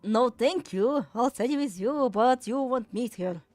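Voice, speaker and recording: Streamer woman voicing a calm, protective schoolmate, slow and even, dry close sound. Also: a little high, no room sound, faint music behind, natural voice. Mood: firm.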